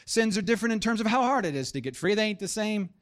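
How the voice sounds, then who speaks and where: Pastor, male, 30s, sermon delivery, lively and joking, slightly high voice. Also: quick pace. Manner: animated, joking, builds to emphatic punches.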